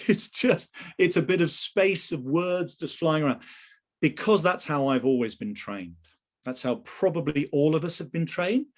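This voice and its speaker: A man's voice: fairly high pitch, animated, moderate pace. A man running a live online sales training session over a video call, emphatic and full of rhetorical questions.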